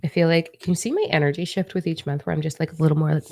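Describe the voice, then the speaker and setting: Woman, low gravelly voice, blunt and cheeky, casual spiritual forecast monologue. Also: steady tone, very fast, darkish tone, no room sound. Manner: blunt, profane, joking asides; talks to herself in whispered asides.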